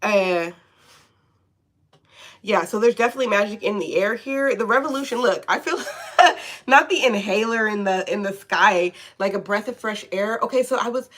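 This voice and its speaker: Casting: chatty woman tarot reader, casual live reading at home, mid-pitched and loose. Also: a bit bright. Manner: chatty, checks in with "okay?" often.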